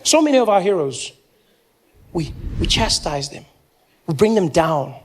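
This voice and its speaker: A young man doing stand-up comedy, telling a story with animated delivery and acting out characters. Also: high voice, measured pace, slight background noise. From South Africa. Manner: animated storytelling, acts out characters in shifting voices. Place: stage before a live audience.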